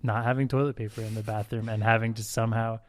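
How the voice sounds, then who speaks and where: A man co-hosting a podcast in casual chat, laughing and excitedly telling stories, in a hotel room. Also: fairly low pitch, fast talker. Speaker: podcast co-host.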